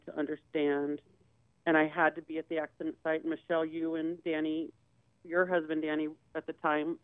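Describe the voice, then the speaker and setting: A woman's voice: low-pitched, clean tone, dry recording, narrow, tinny audio. A woman guest on a talk show, telling a personal story and retelling conversations in quoted dialogue.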